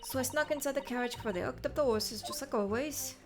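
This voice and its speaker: Cheeky street kid girl voiced by a woman, rough slang, quiet-ish, music under it. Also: high voice, fast talker, voice pushed up. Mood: defensive. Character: cheeky young street urchin girl, pickpocket.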